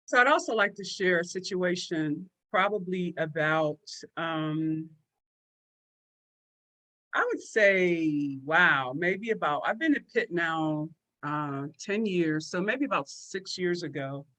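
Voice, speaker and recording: A university staff member sharing a personal anecdote, hesitant with frequent pauses. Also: mid-range voice, expressive, bright, forceful tone. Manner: hesitant, many pauses and fillers.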